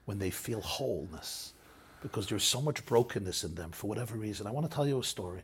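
Deep husky rabbi telling stories. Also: male voice, a bit bright. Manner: earnest, sprinkles Hebrew and Yiddish terms. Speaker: rabbi and lecturer. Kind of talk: impassioned storytelling.

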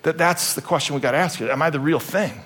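A man's voice: on the high side, fast, fairly bright tone, slightly rough. A middle-aged man preaching a sermon as pastor, with joking, rambling asides and playful self-deprecation.

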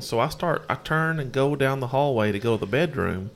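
A man's voice: mid-range voice, animated, fairly quick, a little hiss or hum. A man co-hosting a casual chat, telling a story animatedly and mimicking voices. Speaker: co-host.

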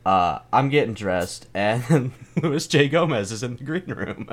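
A man's voice: mid-range voice, animated, a little slow. A young adult man, a comedian, telling a story in casual, rambling talk full of swearing and laughter. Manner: rambling, profane, laughing often. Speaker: comedian guest.

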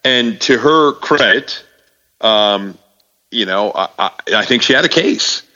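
A man talking casually about faith, halting, with many fillers and restarts. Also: medium pitch, animated, bright, forceful tone. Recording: distant hall echo, muffled sound.

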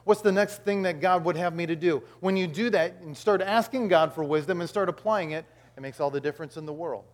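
A high-pitched middle-aged man preaches a sermon to his congregation. He tells homely stories and acts out the voices in them. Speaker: pastor.

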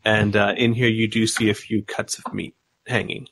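A man narrating as game master of a tabletop game, describing rooms with many pauses and fillers. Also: lowish voice. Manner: relaxed, describes scenes with many ums and uhs.

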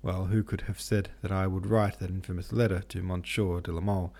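A man's voice: deep voice, flat delivery, brisk, gravelly, a little mellow. A man voicing a young man condemned to death, speaking fervently and pleadingly in an audiobook reading.

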